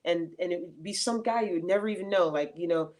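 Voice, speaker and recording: A middle-aged woman being interviewed tells stories in an animated, casual way, with many fillers and restarts. She speaks fast in a voice on the low side.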